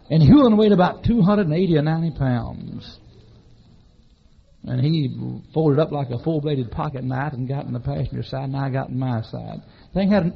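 Folksy baptist preacher guy, raspy fry in the voice, kinda muffled old tape. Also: fairly high pitch. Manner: folksy, animated, acts out shouting and laughter. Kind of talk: storytelling sermon. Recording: dull lo-fi recording.

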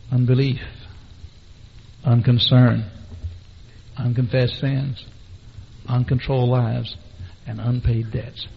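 With a medium-pitched voice that's creaky and husky, a preacher tells anecdotes animatedly during his sermon and calls out to the congregation. The recording sounds dull and lo-fi.

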